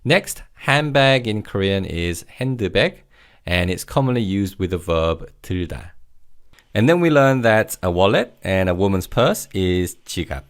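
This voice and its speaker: A man with a lowish voice leads a recorded language lesson. His pitch moves a lot as he praises learners and repeats each word slowly so they can follow along. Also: animated. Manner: encouraging, repeats words slowly for practice. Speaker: language teacher.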